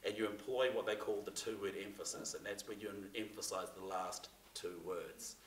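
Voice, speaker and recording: A man's voice: fairly low pitch, steady tone, moderate pace, slight background noise. A man giving a casual, chatty talk to a class, full of fillers and restarts. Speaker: seminar presenter. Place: theatre room. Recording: echoey room, mic from far off.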